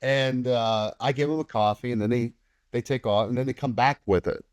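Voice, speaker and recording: A man guesting on a podcast who tells stories in a relaxed, animated way, acts out what other people said, and swears casually. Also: mid-range voice, brisk, dry recording, clean studio sound. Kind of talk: casual anecdotal storytelling.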